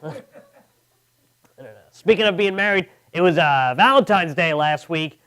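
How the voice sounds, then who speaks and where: A young man from Long Island, doing a stand-up comedy set with a deadpan delivery. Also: a little high, normal speed, long pauses. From Long Island, New York. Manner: deadpan, mocking voices of others. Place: comedy club.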